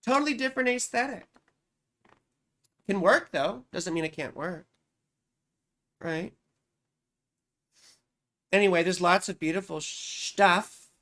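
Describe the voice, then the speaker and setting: A woman's voice: fairly low pitch, slow pace, long pauses, a bit bright. A woman astrologer giving a casual live-stream reading, chatty and profane, who keeps answering her chat.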